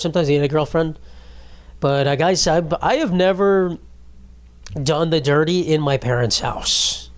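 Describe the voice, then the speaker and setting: A young man talks on his own podcast in a loose, wandering way, swearing freely and poking fun at himself. His voice sits a little higher than most men's. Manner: rambling, profane, self-mocking. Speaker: podcast host. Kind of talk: casual solo podcast chat.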